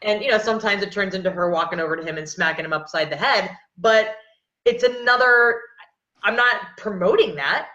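Fairly quick, bright and forceful, this mid-range voice belongs to a woman in her thirties hosting a podcast, who talks earnestly but rambles, restarting often in casual conversation. Echoey, dull lo-fi audio.

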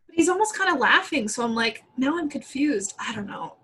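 A woman's voice: high voice, fairly quick, husky, rough recording. A woman in her thirties co-hosting a podcast in casual chat, laughing often and acting out what people said. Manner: chatty, laughs often, quotes people in animated voices. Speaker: podcast co-host.

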